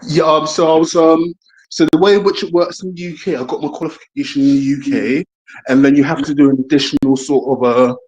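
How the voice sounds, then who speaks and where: Male caller, slightly high voice. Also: steady tone, a little fast, a little mellow, rough recording. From Britain. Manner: casual, hesitant, conversational. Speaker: caller, lawyer.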